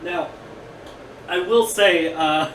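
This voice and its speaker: A man with a slightly high voice acts as game master, narrating a tabletop game and laughing easily. There is a faint hiss in the background. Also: extremely slow, a bit bright, poor audio.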